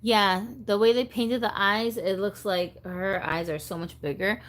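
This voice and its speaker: A woman's voice: medium pitch, steady tone, unhurried, a bit bright. A woman hosting a casual doll-collector livestream, chatting in a rambling, easygoing way and reading viewer comments aloud.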